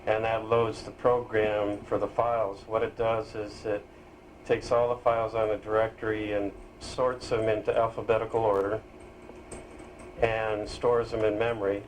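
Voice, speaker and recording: Man, software demo, low voice, halting explanation, faint hiss. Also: flat delivery, rough recording. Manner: halting explanation with pauses and fillers. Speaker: programmer demonstrating his screen reader. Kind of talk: casual software demonstration.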